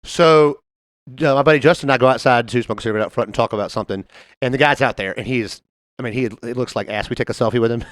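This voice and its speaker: A man co-hosting a podcast, telling a story in casual chat, animated and laughing often as he acts out the people in it. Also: mid-range voice, fast, dry recording, studio quality. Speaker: podcast co-host.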